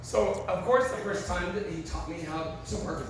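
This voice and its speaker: A man's voice: high voice, moderate pace. A man performing a stand-up comedy set, telling profane stories and acting out the quotes with lots of energy. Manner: profane, animated storytelling with acted-out quotes. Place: live comedy venue. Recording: very echoey, distant, noisy live room.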